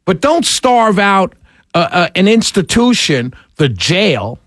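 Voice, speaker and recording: A man's voice: sits high, sing-song, takes it slowly, a bit bright, dry recording. A man hosting a talk radio show, ranting with sarcasm and passion and laughing between his points. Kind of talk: opinionated radio monologue.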